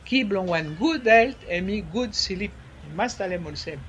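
Ni-Vanuatu nurse, relaxed advice, code-switching to French, average pitch. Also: moderate pace, slight background noise. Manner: mixes in French words. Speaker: nurse, health guest. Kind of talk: casual health advice talk.

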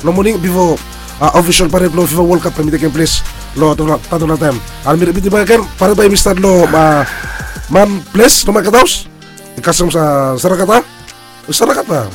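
A man with a cold, hoarse and halting, giving updates on a radio chat. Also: sits high, soft background music. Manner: halting, many fillers.

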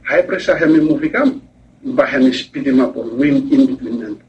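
A man, a weather official giving a halting news interview with rising emphasis. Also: mid-range voice. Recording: dull distant clip with faint noise.

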